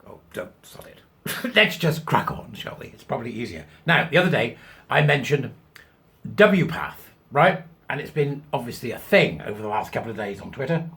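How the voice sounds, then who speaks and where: Man, middle-aged, gravelly, lively swooping pitch, sarcastic casual commentary. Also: moderate pace. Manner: chatty, jokey and sarcastic, laughing at his own jibes. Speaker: host.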